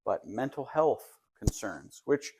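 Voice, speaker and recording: A man's voice: medium pitch, sing-song, takes it slowly, a little mellow, a little hiss or hum. Joking young man in a casual chat. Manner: joking, slangy asides. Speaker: podcast co-host.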